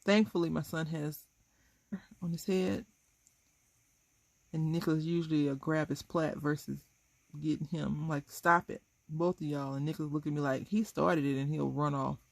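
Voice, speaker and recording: Gravelly-voiced woman chatting while coloring. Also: low-pitched, steady tone, moderate pace, pauses often, a little mellow, no room sound. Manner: chatty, rambling, amused. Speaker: craft video host. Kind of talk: casual chat while coloring.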